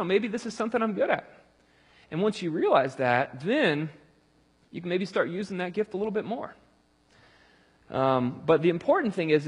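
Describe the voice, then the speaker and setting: A man with a somewhat high, husky voice gives a relaxed, conversational sermon, full of fillers and restarts. His words ring with a long reverb, as if in a large hall. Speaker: pastor.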